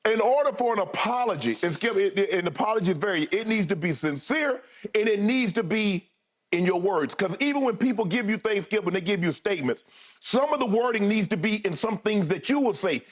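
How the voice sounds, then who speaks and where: Animated and fairly quick, this high-voiced man co-hosts a sports debate show. He repeats himself emphatically and keeps addressing his partner by name in lively sports argument.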